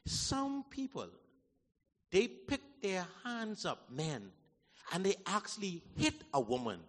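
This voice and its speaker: A man preaching a sermon in a church hall, folksy and animated, swinging from shouts to low asides. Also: slow. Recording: long hall reverb.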